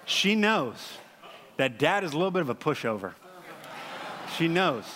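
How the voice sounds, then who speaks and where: A man in his thirties delivers a sermon in a bright, forceful voice that sits slightly high. He talks casually and with animation, full of fillers, and his voice rings with a long hall reverb. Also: moderate pace, slight background noise. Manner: conversational, animated storytelling with frequent fillers. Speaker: pastor.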